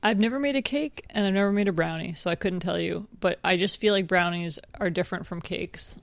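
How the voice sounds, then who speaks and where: Woman cohost with a gravelly voice, teasing and chatty, dry sound. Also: lowish voice, a little fast, dry recording. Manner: teasing, chatty, laughs often. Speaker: podcast co-host. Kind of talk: casual chat.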